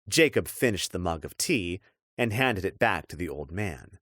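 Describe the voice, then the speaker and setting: A man narrating a dark fantasy audiobook in a measured, expressive storytelling voice. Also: low-pitched, no echo, clean studio sound.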